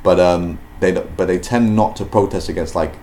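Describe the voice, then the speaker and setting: Man, extremely low voice, unscripted talk, lots of ums and restarts, faint hiss behind. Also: normal speed, warm tone. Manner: hesitant, many fillers and restarts. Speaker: video host. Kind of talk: casual spoken commentary.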